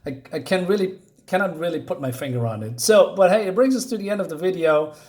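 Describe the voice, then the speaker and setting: A man's voice: sits high, animated, quick pace, darkish tone. A man whose first language is not English, reviewing a comic in casual, rambling speech full of fillers and frequent chuckles. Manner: rambling, hesitant, many fillers; chuckles often.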